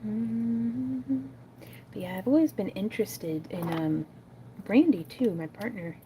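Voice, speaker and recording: A woman with a medium-pitched voice hosts a craft livestream, making jewelry while she chats in an unhurried, rambling way. She laughs often and uses lots of filler words, and there's noise in the background.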